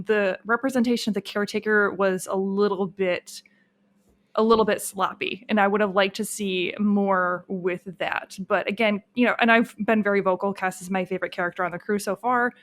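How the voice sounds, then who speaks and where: Woman, podcast co-host, mid-pitched voice, easy earnest chat with hesitations. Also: steady tone, fairly quick. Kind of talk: casual chat.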